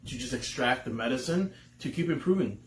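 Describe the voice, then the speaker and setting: A man's voice: medium pitch, lively intonation, a little fast. A man co-hosting a podcast in casual chat, telling candid stories with laughter and swearing. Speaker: podcast co-host. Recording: roomy room with faint noise.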